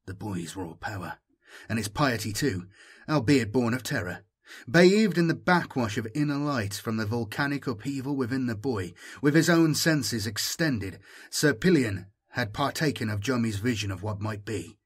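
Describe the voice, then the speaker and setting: A man narrating an audiobook in a measured, dramatic manner. His voice is husky and sits at an ordinary pitch. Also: expressive. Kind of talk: scripted narration.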